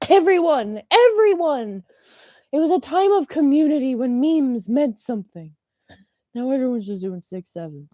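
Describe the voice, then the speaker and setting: Early 20s woman rambling on her podcast, bouncy lively pitch, dull dry lo-fi sound. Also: normal speed, dry recording. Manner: rambling, excitable, jumps into meme voices and laughs. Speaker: podcast host. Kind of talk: casual solo chat.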